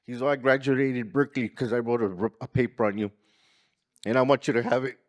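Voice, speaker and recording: A man's voice: mid-range voice, fairly even intonation, a little fast. Man, earnest storyteller, acts out others' lines, community talk. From California. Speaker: community organizer speaker. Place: conference room.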